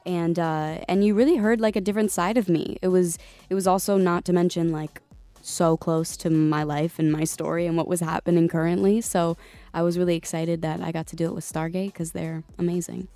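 A woman's voice: lowish voice, steady tone, a little fast, mellow, no echo, faint music behind. A young woman singer chatting casually in a radio interview, full of likes and you-knows. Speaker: guest singer.

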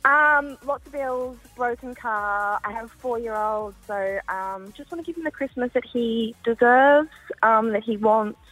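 A woman's voice: a little high, unhurried, fairly bright tone, soft background music, poor audio. Hesitant woman caller. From Australia. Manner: hesitant, with many ums. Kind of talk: phone-in call.

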